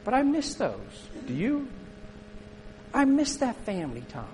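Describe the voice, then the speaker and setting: A man's voice: extremely high pitch, huge pitch swings, a little slow, a little mellow, a little hiss or hum, low-quality recording. A middle-aged man preaching a sermon as a pastor, telling a story in a conversational way and turning to ask the congregation questions.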